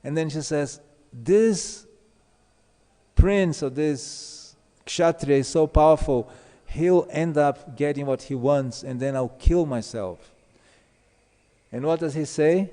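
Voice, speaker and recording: A man's voice: on the high side, lively intonation, slow, dark tone, big-room sound. A man giving a scripture class as a sermon, telling stories and acting out the dialogue. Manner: storytelling, acts out quoted dialogue.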